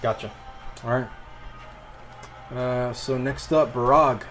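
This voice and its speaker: A man running a tabletop game as game master, narrating the action in a loose, animated way with bursts of excited whoops. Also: mid-range voice, very slow, soft background music.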